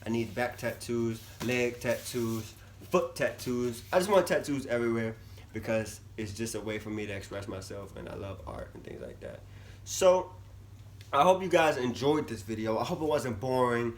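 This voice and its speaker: A young man vlogging casually to camera, chatty and animated, his voice swinging from loud bursts to low mumbles. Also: moderate pace, a little hiss or hum. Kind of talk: casual vlog talk to camera.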